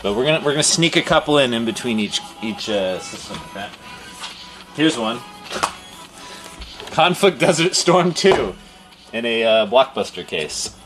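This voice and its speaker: A man's voice: lowish voice, a little fast, over music. A man who owns a game store, chatting casually on a livestream and rambling through stories. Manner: rambling storyteller, laughs and animated quoting. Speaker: game store owner and streamer.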